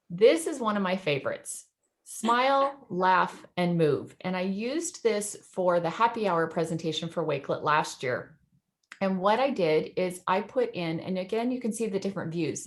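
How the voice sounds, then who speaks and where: A woman educator giving a chatty, enthusiastic screen-share demo over a video call, laughing often. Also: lowish voice. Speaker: educator presenting in a webinar.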